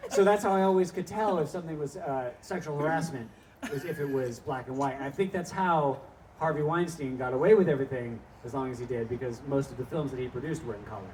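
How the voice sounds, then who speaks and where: A man's voice: mid-range voice, quick pace. Rambling, profane male stand-up comic. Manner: rambling, profane storytelling with asides. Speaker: stand-up comedian. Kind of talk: live stand-up set. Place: small live comedy venue with audience. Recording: distant mic with faint background noise.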